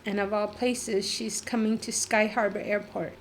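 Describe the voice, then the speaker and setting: A middle-aged woman, a podcast guest, tells her own life story candidly and emotionally, using lots of "like" fillers and an occasional blunt swear. Her mid-range voice has fairly even intonation and a moderate pace, with a little hiss or hum on the recording.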